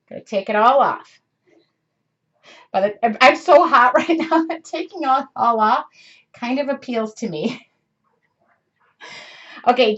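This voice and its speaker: A woman's voice: high voice, fairly bright tone. A woman hosting a live art session from her studio, chatting casually and rambling with self-mocking jokes. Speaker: art livestream host. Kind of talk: casual chat while painting. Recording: dull lo-fi livestream audio.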